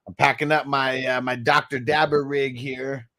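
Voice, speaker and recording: A man's voice: mid-range voice, moderate pace, few pauses, a bit bright. A man hosting a casual livestream, talking in a laid-back, slangy way to his chat and coughing now and then. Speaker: livestream host.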